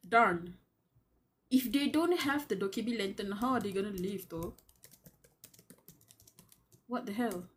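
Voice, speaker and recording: Her mid-range voice moves at a moderate pace with long pauses, and there's slight noise in the background. During this live reading of a web novel, she breaks in with excited commentary, squealing, laughing, thinking out loud and talking to the characters as a delighted fan.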